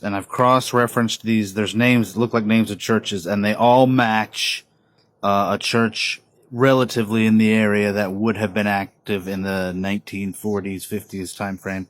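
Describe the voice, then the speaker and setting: A man's voice: lowish voice, no room sound, poor audio. A man in his thirties talking casually to camera in a home video diary, rambling with many fillers and restarts. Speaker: vlogger documenting his inherited house.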